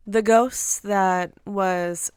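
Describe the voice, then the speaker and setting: A woman playing a tabletop game, laying out her character's plan carefully and deliberately. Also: mid-range voice, fairly even intonation, darkish tone, clean tone, no room sound, clean studio sound. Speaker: player. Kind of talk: tabletop role-play.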